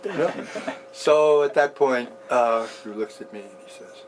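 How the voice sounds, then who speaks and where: A man in his sixties recounting a personal story in an interview, animated and often laughing as he talks. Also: mid-range voice, a little fast, slight background noise.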